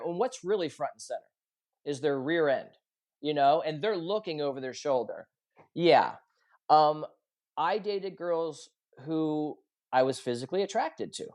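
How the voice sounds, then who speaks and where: A man's voice: fairly high pitch, darkish tone. A man in his forties, a podcast guest, telling a heartfelt personal story in an earnest, confessional way and acting out the dialogue. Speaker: podcast guest, coach and author.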